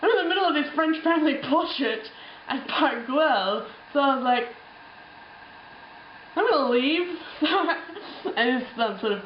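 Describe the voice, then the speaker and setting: A woman's voice: sits high, lively intonation, moderate pace, reverberant, dull audio, a little hiss or hum. A young woman telling a travel story in a casual, rambling way, full of ums and little laughs. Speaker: travel vlogger.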